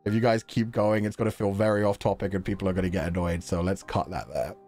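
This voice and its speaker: A man's voice: deep voice, fairly even intonation, fast, darkish tone, soft background music. A man chatting casually on a livestream, reading chat messages, laughing often and poking fun at himself. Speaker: game streamer reading chat.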